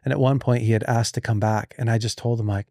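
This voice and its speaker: A man's voice: mid-range voice, fast, vocal fry, no room sound. A man in his forties hosts a podcast and tells a family story in easy, casual chat. His voice sits in the middle range, and he livens things up by acting out the people he quotes. The sound is dry and close. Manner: animated, acts out quoted voices. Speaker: podcast host.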